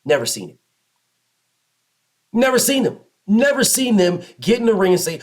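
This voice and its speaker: A man in giving an emphatic, repetitive solo commentary rant as host, often mocking others in low put-on voices. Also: sing-song, moderate pace, long pauses.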